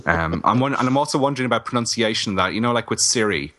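A middle-aged man co-hosting a casual film review podcast, chatty and animated, laughing often. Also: medium pitch, fast talker. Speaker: podcast co-host.

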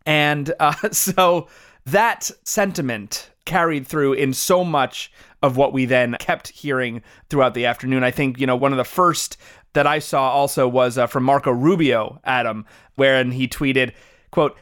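A man's voice: medium pitch, steady tone, measured pace, fairly bright tone. A man co-hosting a political podcast, talking in a wry, sarcastic way and laughing often. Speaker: podcast co-host. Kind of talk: political commentary chat.

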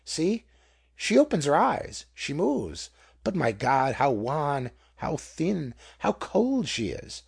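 Storybook: man playing a kind young woman, firm, pitched up, raspy. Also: very animated, takes it slowly, full character voice. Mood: anxious. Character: kindly young lady, firm and compassionate.

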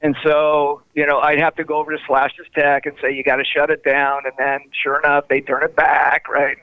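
A man's voice: a little high, flat delivery, normal speed, dry recording. A man guest on an interview, telling road stories animatedly and acting out quoted dialogue over a phone call. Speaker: guest, former tour manager. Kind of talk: storytelling interview. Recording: tinny phone line, dry.

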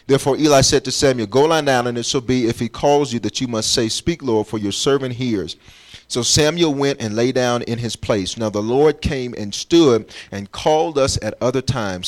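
A man's voice: mid-range voice, moderate pace. A man preaching a sermon as pastor, emphatic and urging his congregation along as he explains scripture. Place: church.

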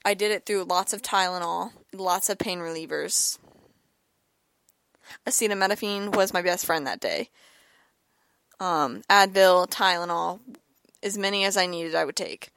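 A woman's voice: lowish voice, a little slow, gravelly, pauses often, a bit bright, clear, resonant tone, no room sound, clean studio sound. A young woman hosting her own podcast, telling a personal story in a rambling, casual way with lots of repeated words and "like," while ill with an ear and throat infection. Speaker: podcast host.

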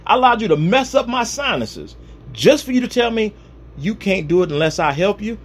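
A male preacher acts out an exasperated king, swinging his husky voice high and low as he rants comically at his court. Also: sing-song, brisk, heavily acted. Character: proud angry king Nebuchadnezzar, fed-up ruler.

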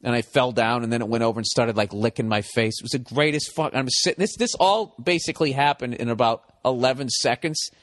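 A man's voice: medium pitch, brisk, few pauses, a bit bright, in a large hall. A man hosting a solo podcast, telling stories in a profane, self-mocking ramble. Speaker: podcast host.

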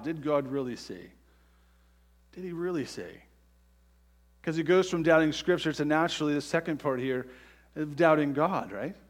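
A man preaching a sermon earnestly, often checking in with the congregation by asking "right?". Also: high-pitched. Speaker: pastor.

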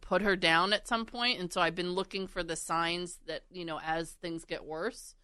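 A woman's voice: lowish voice, steady tone, normal speed, over loud music. A woman co-hosting a casual chat, telling stories and laughing often. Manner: storytelling with frequent laughs.

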